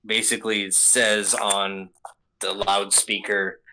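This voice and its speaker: A man's voice: on the low side, flat delivery, takes it slowly, bright, forceful tone, slight background noise, rough recording. A young adult man hosting a casual review show, rambling through a recap with many fillers and some swearing. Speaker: podcast host.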